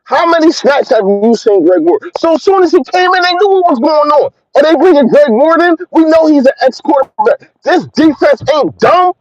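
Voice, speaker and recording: Man, fan host, emphatic rant, high lively voice, dry dull recording. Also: normal speed, hardly any pauses, dry recording. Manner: heated, emphatic, repeats himself. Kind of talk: ranting livestream.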